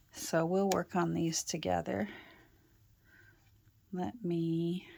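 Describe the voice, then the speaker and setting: A woman's voice: fairly low pitch, vocal fry, darkish tone. A Canadian woman from Ontario chatting casually while she crafts, rambling with fillers and self-corrections, her voice still a little off after a sore throat. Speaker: crafter and channel host. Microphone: own external microphone.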